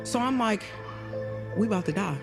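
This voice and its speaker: A woman voicing an adult woman who bluntly recounts being shot, in profane first-person narration for an animated video. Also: medium pitch, normal speed, creaky. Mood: shaken. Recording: narration over loud music.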